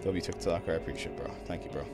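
A young man streaming a horror game, swearing a lot and breaking into loud excited shouts. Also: deep voice, rapid-fire, faint music behind. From Ireland. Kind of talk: live gaming commentary.

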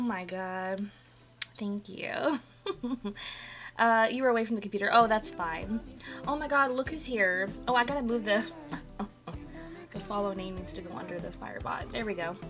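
A bubbly, chatty woman talks casually with her live viewers from her apartment, greeting them by name over a desk mic. Her mid-range voice has a fairly bright tone but sounds a little dry and coughy after just waking up.

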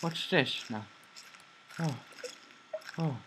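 A man's voice: a little high, very slow, noisy background. Young man muttering through a horror game. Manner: jumpy, talks to the game, mutters then shrieks. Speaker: gamer.

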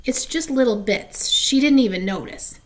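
A woman's voice: fairly high pitch, animated, normal speed, pitched above the performer's own voice, natural voice. A woman voicing a spunky, practical young schoolgirl who talks plainly and firmly. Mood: eager. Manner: plainspoken, firm.

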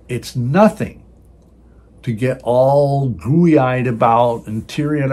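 A man's voice: mid-range voice, a little mellow, husky. An older man hosting a religious video, giving emphatic preaching commentary and often repeating words as he restarts. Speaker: Christian video host.

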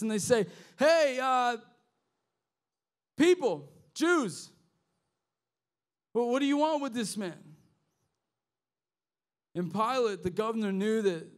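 A man preaching a youth sermon, impassioned and conversational, with slang and restarts, swinging from quiet to shouting. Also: high voice. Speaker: youth pastor. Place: youth service hall.

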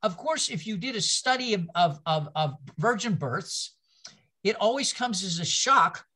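A man's voice: high-pitched, lively intonation, a little slow, sharp tone. An older man giving a conversational Bible-class lecture. He tells rambling stories with self-mocking humor, and he often repeats words and restarts his sentences.

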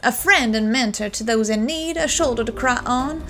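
Girl doing a groveling costume shop guy, sir this sir that, weird put-on accent, kinda high. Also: normal speed, a bit bright, lightly acted. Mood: fawning. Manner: obsequious, ends lines with "sir", odd accent. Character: fawning male costume shop vendor.

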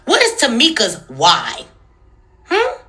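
Fiery, bright-voiced woman ranting. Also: a little high, huge pitch swings, takes it slowly. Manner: angry, profane and emphatic, with rhetorical questions. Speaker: social media commentator. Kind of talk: heated commentary rant.

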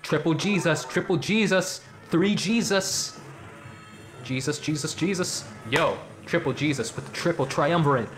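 A man's voice: on the high side, measured pace, faint music behind. A young man streaming a mobile game, joking and rambling with lots of fillers and slang. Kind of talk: casual gacha stream commentary.

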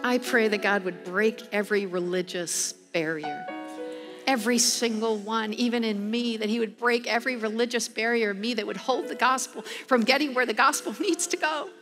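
A woman preaching a sermon in an animated, emphatic way, often breaking into laughter as she goes. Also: a little high, moderate pace, over music. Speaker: guest preacher.

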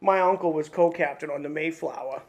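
A man's voice: fairly high pitch, brisk, vocal fry. A young man talking bluntly and swearing in a casual podcast chat. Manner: blunt, profane, emphatic. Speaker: podcast guest.

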